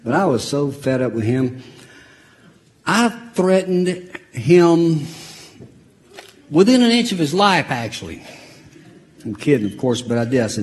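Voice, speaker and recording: A man preaching a sermon, telling a family story and swinging from loud, laughing storytelling to a hushed, grave close. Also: on the high side, big pitch swings, a little slow, pauses often. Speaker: pastor. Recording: long hall reverb.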